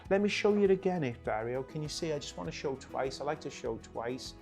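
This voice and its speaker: A man's voice: fairly high pitch, expressive, a little fast, gravelly, over music. A man hosting a cooking demonstration, chatty and joking, often talking to his cameraman. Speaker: chef hosting a cooking show.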